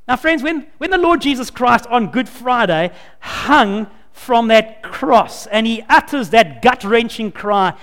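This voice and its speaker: A man preaching a sermon, swinging between loud, emphatic lines and low, quiet asides. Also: lively intonation, measured pace, in a large hall.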